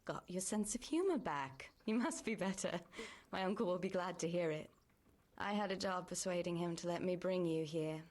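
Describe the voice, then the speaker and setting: An actress voicing a young village woman in a video game, caring and practical, with a gentle, often hushed way of speaking. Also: lowish voice, animated, normal speed, natural voice. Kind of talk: game voice acting.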